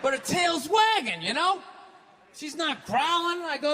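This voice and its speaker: A man from the United States performing a stand-up comedy set on stage, telling stories with loud bursts and acted-out quotes. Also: very high voice, big pitch swings, unhurried. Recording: live hall reverb, faint noise.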